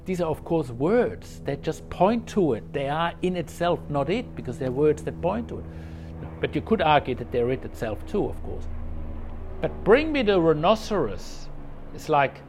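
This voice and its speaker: A man teaching as a Zen teacher, explaining a koan in a conversational, animated way and acting out the quotes. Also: on the high side, moderate pace, a little hiss or hum. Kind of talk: dharma talk on a koan.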